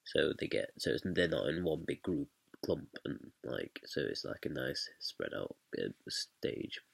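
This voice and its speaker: A man's voice: a bass voice, sing-song, a little slow, vocal fry, breathy edge, no echo. A young man casually explaining how he directed a stage scene, hesitant, with many fillers and restarts. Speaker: student director.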